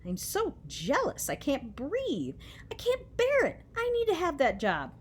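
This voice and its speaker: A woman's voice: high voice, huge pitch swings, measured pace, a little hiss or hum, voice pushed up, heavily acted. A woman voicing a sly, ancient female monster who schemes and coos like a child. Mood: jealous whining. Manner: wheedling, shifting into a cooing baby voice.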